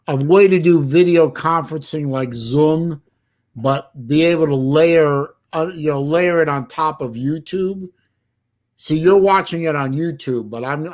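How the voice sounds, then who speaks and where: Halting man hosting a livestream chat. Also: fairly high pitch, darkish tone. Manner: halting, many restarts while fiddling with an app. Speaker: livestream host. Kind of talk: casual chat.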